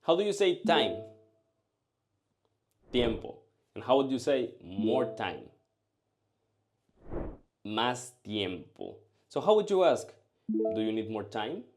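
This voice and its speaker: Guy teaching a lesson, says each phrase real slow and clear, voice goes up and down a lot. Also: medium pitch, very animated, darkish tone, slight background noise. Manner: slow, carefully enunciated drilling of phrases. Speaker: language teacher. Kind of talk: scripted language lesson.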